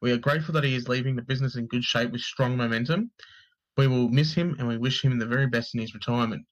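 A man's voice: mid-range voice, fast, lo-fi sound. A man co-hosting a podcast, reading gaming news aloud in a casual, sweary, joking way and tripping over names. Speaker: podcast co-host.

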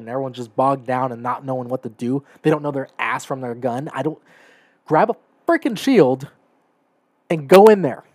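This solo podcast host, with a medium-pitched, darkish voice recorded without echo, gives opinionated commentary. He speaks with emphasis, regularly checks in with "right?" and "okay?", and becomes more heated as he goes.

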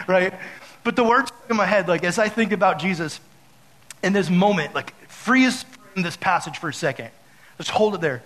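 A man preaching a casual sermon, telling a story to his audience and acting out his panic in loud outbursts. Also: high voice, normal speed, poor audio. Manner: talks straight to the audience with many fillers.

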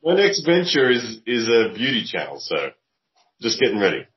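A man's voice: medium pitch, sing-song, normal speed, echoey room, lo-fi sound. A man, a guest on a podcast, chatting in a laid-back, joking way and laughing easily. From Australia. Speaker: guest, online video creator. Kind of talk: casual podcast chat.

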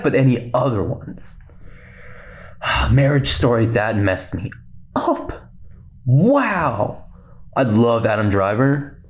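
Young guy rambling fast on his podcast, slight lisp, keeps cutting himself off. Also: medium pitch. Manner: rambling, fast-talking, self-interrupting. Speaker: podcast host. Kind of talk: casual solo podcast chat.

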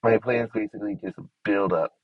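A man's voice: lowish voice, fairly even intonation, fast, no echo, narrow, tinny audio. A man giving casual commentary to himself while he builds in a game. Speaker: gameplay streamer.

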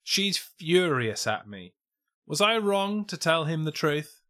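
A man's voice: on the high side, sing-song, slow, pushed and bright. A man co-hosting a comedy podcast, reading out a post with dry sarcasm. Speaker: podcast co-host. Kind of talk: casual comedy chat.

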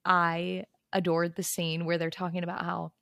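A woman's voice: lowish voice, completely flat delivery, moderate pace, gravelly, a bit bright, no echo, clean studio sound. A woman co-hosting a podcast, chatting casually and gushing as she lists her favorite scenes. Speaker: podcast co-host. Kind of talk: casual book-club chat.

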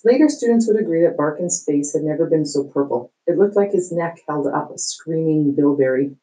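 A woman's voice: deep voice, lively intonation, fairly quick, few pauses, dark tone, low-quality recording. A woman reading a children's book aloud, stopping to explain hard words with small fillers. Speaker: reader.

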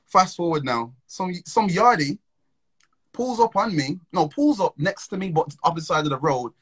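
A man's voice: on the high side, expressive, normal speed, a bit bright, slightly rough, poor audio. A young man, telling a story in casual, slang-filled chat and laughing between phrases. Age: young adult.

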